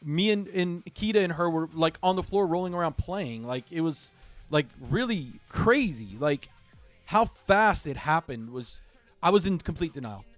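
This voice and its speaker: A middle-aged man chatting on a game livestream in a slightly raised voice. He talks in a halting, heartfelt way and often repeats himself. The sound is dry and close, with faint music underneath. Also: a little high, animated, no room sound. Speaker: livestream gamer host. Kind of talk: casual livestream chat.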